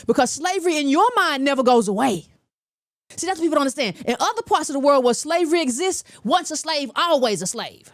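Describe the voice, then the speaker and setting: An American woman hosts a commentary show, arguing in a combative, scornful and emphatic way. Her voice sits high, and the recording is dry and close. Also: dry recording. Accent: American English. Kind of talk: opinionated political commentary.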